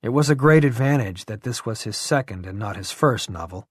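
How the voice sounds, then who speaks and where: A man giving a measured, even scripted narration of an audiobook. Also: on the low side, husky, no room sound, clean studio sound.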